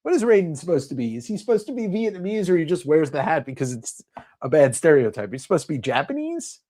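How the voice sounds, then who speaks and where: A man's voice: a little high, very animated, quick pace, mellow. A man hosting a comic sale livestream in casual sales chat, rambling with lots of fillers.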